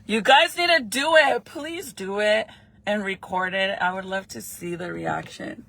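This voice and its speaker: A woman's voice: medium pitch, unhurried, creaky, a bit bright, slight background noise. A young woman chatting casually while doing her makeup, swearing freely and laughing often. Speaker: vlogger.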